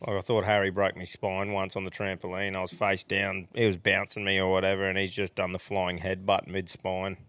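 A man's voice: sits low, completely flat delivery, brisk, few pauses, fairly bright tone, clean tone, no room sound. An Australian man in his thirties co-hosting a podcast, chatting in a laid-back, blokey way and swearing freely. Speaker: podcast co-host. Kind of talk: casual banter.

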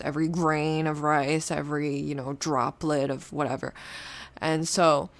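A woman's voice: low voice, no room sound. A woman casually telling a rambling personal story, swearing often and restarting her sentences. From grew up partly in Canada, moved there as a child. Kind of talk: casual profane storytelling monologue.

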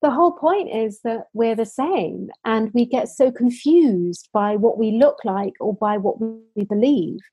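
A woman's voice: on the high side, expressive, measured pace, hardly any pauses, mellow, breathy edge, dry recording, faint music behind. A woman from the United Kingdom, a social enterprise founder, answering interview questions in earnest stories full of restarts and fillers.

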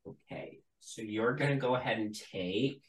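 A game master running a tabletop game, halting and full of ums as the rolls come in. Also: medium pitch, roomy sound, rough recording. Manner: halting, lots of ums and likes.

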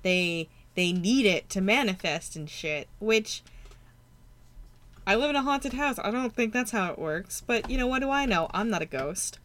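Woman podcast co-host, bright and lively, sarcastic with frequent laughs. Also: medium pitch, moderate pace. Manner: animated, sarcastic, laughs often. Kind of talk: casual chat recapping a ghost-hunting show.

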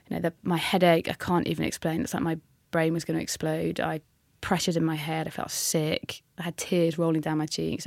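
A woman, a hockey player telling her story candidly in an interview, with frequent halting restarts. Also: lowish voice, creaky, a little mellow, no echo.

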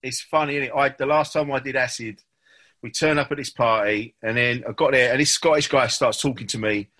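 A man telling an animated anecdote in a casual chat. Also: mid-range voice, brisk.

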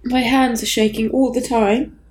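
A grieving woman talking candidly as a guest, halting and raw, swearing bluntly. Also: a little high, level tone, reverberant, slight background noise, poor audio. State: grieving, near tears. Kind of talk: candid conversation.

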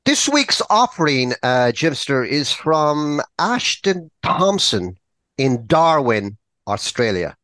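A man co-hosting a podcast in casual chat, laughing often and telling jokes with animated delivery. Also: a little high, slow pace, no echo. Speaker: podcast co-host.

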